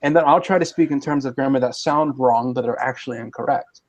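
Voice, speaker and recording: A man's voice: mid-range voice, quick pace, highs cut off. A man chatting casually in a group, giving firm opinions in a mock-stern way. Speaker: podcast guest.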